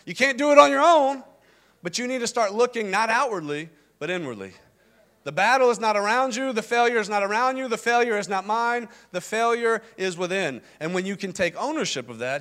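A male pastor with a high voice delivers a sermon. He hammers his points home through repetition and gives the words of God and the people in scripture a voice of their own. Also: expressive, moderate pace, a bit bright.

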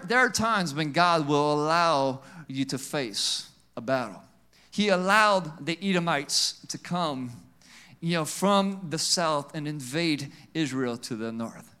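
High, bright-voiced preaching man. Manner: call-and-response preaching, frequent amens; emphatic, swings between loud and quiet. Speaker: pastor. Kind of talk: sermon.

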